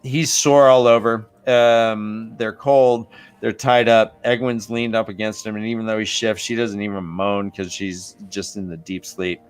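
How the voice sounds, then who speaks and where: A man's voice: lowish voice, little pitch movement, a little slow, smooth, faint music behind. Joking man hosting a book chat. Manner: jokey, slips into a mock British accent for laughs. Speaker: podcast host. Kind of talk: casual chat about a book.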